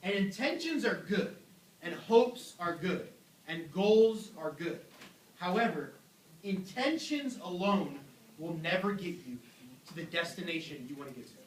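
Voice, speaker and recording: Young male youth pastor, animated and joking, high voice, heard from afar. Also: unhurried, recorded from a distance, slight background noise. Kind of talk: youth sermon. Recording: echoey room, voice from afar.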